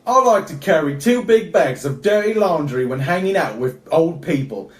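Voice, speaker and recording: A man putting on a loud, yelling Australian accent that drifts toward English, reading a comedy card. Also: fairly high pitch, lively intonation, normal speed, roomy sound, pitched above the performer's own voice, close to an everyday voice. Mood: ranting. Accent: Australian, mixed with English. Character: rowdy male Australian bloke ranting about laundry.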